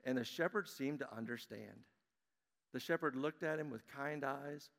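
A man leads a children's message, telling a picture-book story in a lively, friendly way. His voice sits in an ordinary middle pitch and rings out through the long reverb of a church sanctuary. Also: normal speed, creaky. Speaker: pastor giving children's message. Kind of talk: children's sermon and storybook reading.

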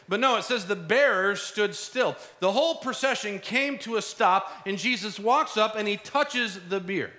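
Pastor, male, young adult; earnest, chatty sermon delivery, bright voice. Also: sits high, normal speed, hardly any pauses. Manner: earnest, conversational preaching with acted-out asides.

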